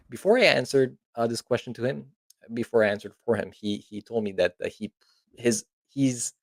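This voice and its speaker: A Japanese teacher from Kyushu, Japan, gives a casual online language lesson in a medium-pitched voice with no echo. His manner is laid-back and chatty, sprinkled with joking asides.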